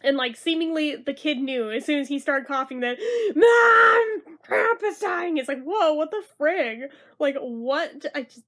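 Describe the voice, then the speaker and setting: High-voiced chatty woman reviewing a film. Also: moderate pace. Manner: chatty, sarcastic, swears, mock-dramatic outbursts. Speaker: movie reviewer. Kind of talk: casual movie review.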